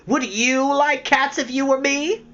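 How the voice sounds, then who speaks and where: A woman voicing an easily offended little mouse with a shrill, passionate voice for a read-aloud storybook. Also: steady tone, a little slow, fairly bright tone. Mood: indignant. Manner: outraged, trembling. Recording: dull lo-fi with faint hiss.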